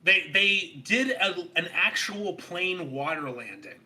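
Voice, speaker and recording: Bright-voiced hesitant young-sounding man. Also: high voice, lively intonation, slow pace. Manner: hesitant, full of ums and restarts. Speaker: podcast co-host. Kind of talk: casual movie review chat.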